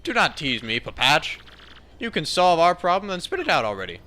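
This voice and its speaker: A man's voice: a little high, big pitch swings, fairly quick, pushed and bright, slight background noise, pitched above the performer's own voice. A man hamming up a pompous merchant captain. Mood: grandiose. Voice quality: grandiose, theatrical phrasing.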